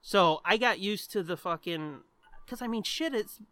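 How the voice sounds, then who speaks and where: A high, bright, smooth male voice, talking in loose, animated podcast banter and swearing freely. He rambles through his points. The sound is dry and close. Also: normal speed, dry recording. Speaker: podcast co-host. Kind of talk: casual chat.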